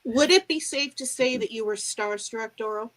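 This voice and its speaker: A woman's voice: a little high, normal speed, crowd noise, poor audio. A woman co-hosting a live online show, upbeat, reading out viewer comments and steering the talk.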